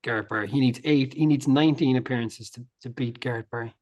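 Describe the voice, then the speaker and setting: A man's voice: medium pitch, fast talker, a little mellow, highs cut off. A man co-hosting a casual podcast, dryly summing up a book and often laughing. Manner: laid-back, dry, giggly summarising. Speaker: podcast co-host. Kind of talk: casual comic book-review chat.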